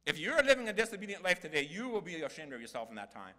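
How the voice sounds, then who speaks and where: A man's voice: fairly high pitch, very animated, very fast, sharp tone. An older man preaching a sermon in a church hall, earnest and folksy, building to emphatic peaks.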